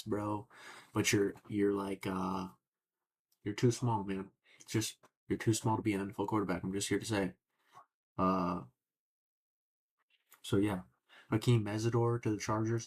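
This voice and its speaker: A man's voice: fairly low pitch, breathy edge. A young man hosting a casual sports podcast, opinionated and rambling, cursing now and then. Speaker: podcast host.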